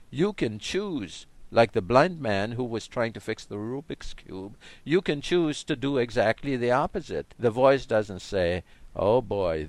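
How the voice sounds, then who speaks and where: A man in a reflective spiritual chat, talking in a slow, musing way and often dropping his voice to a quiet tone. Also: mid-range voice, no echo. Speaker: co-host.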